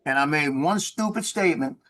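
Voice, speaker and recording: A middle-aged man speaks in casual conversation, a military veteran recalling his service. His voice sits a little high for a man, and he tells his story in a rambling way, leaning on fillers and tag questions. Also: lively intonation, a little fast, fairly bright tone. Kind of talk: casual chat.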